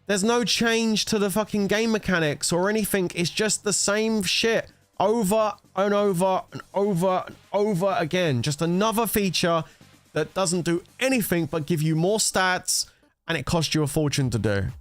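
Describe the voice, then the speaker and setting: A man with a somewhat high voice rants in heated, exasperated commentary, swearing freely as he goes. Faint music plays underneath him. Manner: heated, profane, exasperated ranting. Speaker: gaming content creator. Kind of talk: ranting commentary on a mobile game.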